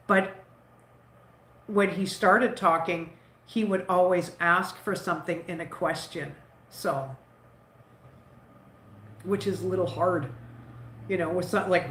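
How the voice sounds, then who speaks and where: A woman's voice: fairly low pitch, takes it slowly, long pauses, slight background noise. A woman vlogger with a stuffy nose, rambling casually about her son while making bread dough at home. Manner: rambling, chatty, warm toward her son, many "like"s. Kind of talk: casual chat while cooking. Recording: roomy echo.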